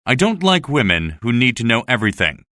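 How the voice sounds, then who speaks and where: A man voicing a jealous, cruel masked villain in a storybook reading, with a low, threatening, mocking delivery. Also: big pitch swings, fairly quick, pushed and bright, dry recording, clean studio sound. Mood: cold.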